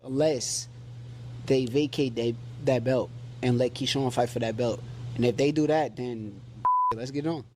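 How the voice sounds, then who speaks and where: A man answering questions in an interview clip, relaxed, cocky and mock-weary. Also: mid-range voice, unhurried, noisy background.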